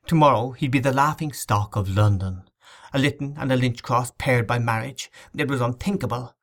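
A man narrating an audiobook novel in a measured, dramatic reading. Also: medium pitch.

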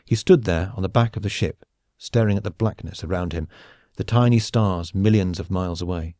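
A man reads a comic science-fiction audiobook in a measured, wry storytelling manner. His voice is low and mellow, recorded dry and close with no room sound. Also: no echo. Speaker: audiobook narrator. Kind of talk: scripted narration.

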